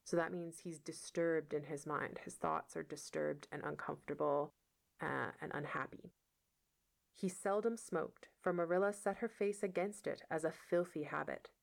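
A woman reading a novel aloud as a teacher, pausing for patient explanations of words. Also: deep voice, fairly even intonation, creaky. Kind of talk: read-aloud lesson explaining vocabulary.

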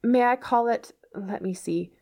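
A woman's voice: on the high side, measured pace, dark tone, pitched above the performer's own voice. A woman reading aloud as a dramatic, imaginative orphan girl, with a theatrical, pleading manner. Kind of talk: read-aloud novel dialogue.

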